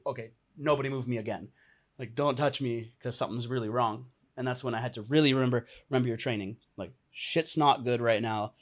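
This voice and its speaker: Young man as podcast guest, lively storyteller who laughs a lot and acts out the voices of the people in his story. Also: mid-range voice. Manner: animated, laughs often, acts out quoted lines. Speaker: podcast guest, entrepreneur and coach. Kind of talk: casual storytelling interview.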